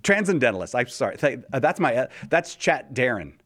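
A man's voice: mid-range voice, very animated, brisk, a bit bright. Guy hosting a podcast, rambling story, lots of restarts, voice jumps all over. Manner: mimics a cheerful chatbot voice in quotes. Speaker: podcast host. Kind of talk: casual chat.

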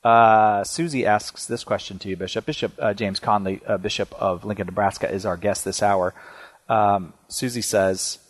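A male radio host talks in a loose, chatty way, joking and restarting his sentences. His voice is close and dry on a studio mic, with a mid pitch. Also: normal speed, dry recording. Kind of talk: call-in radio talk.

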